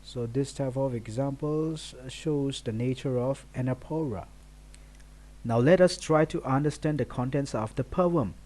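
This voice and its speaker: A man giving a recorded poetry lesson, explaining slowly and listing words one by one. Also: medium pitch, mellow. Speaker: teacher.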